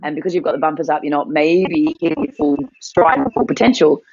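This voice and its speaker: A woman's voice: low voice, sing-song, fairly quick, vocal fry, a little mellow, dull audio, slight background noise. A woman co-hosting a morning mindset session, telling a family story in a chatty, rambling way and laughing often. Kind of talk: casual chat, storytelling.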